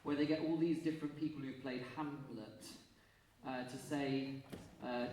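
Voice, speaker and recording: An Englishman leading a choir rehearsal, briskly encouraging and quick to laugh. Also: medium pitch, steady tone, a little mellow, a little hiss or hum. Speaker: choir conductor. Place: rehearsal hall. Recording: echoey hall from far off.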